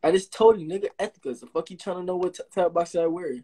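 Talking quickly in a high, warm, husky voice, a young livestream host on his phone boasts and trades jabs with a caller. His manner is brash and full of trash talk, with the same taunts coming back repeatedly.

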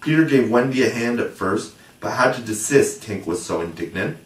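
A man narrating a storybook aloud with expressive, measured delivery, recorded with a roomy, distant mic. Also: medium pitch. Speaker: audiobook narrator. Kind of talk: storybook reading.

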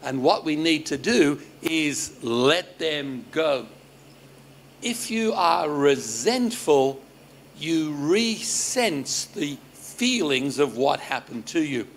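A man's voice: on the high side, expressive, takes it slowly, slight background noise. A man with an Australian accent preaching to his congregation, stammering into restarts, cracking jokes and quizzing the audience. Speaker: pastor. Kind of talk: lively sermon to a congregation. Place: church service.

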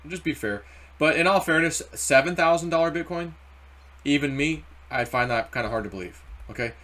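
A man hosting a casual crypto market commentary, rambling and animated, acting out quoted voices as he goes. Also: on the high side, brisk. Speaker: crypto video host.

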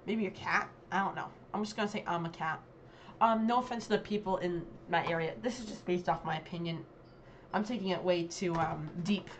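A woman's voice: fairly low pitch, steady tone, fairly quick, slight background noise. Chatty, hesitant woman vlogger. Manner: chatty and hesitant, with many ums and self-corrections. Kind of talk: casual commentary on a dialect quiz.

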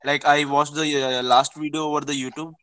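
A man's voice: on the high side, flat delivery, brisk, a bit bright, clean tone, dry recording, low-quality recording. A male student on a video call, politely addressing his teacher with many fillers. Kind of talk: online class discussion.

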